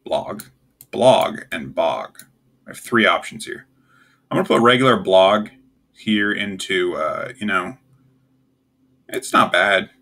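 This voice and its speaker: A man's voice: deep voice, animated, slow, gravelly, long pauses, sharp tone. A young man hosting a casual solo video, ranking words with offhand, puzzled and wry asides. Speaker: tier list video host.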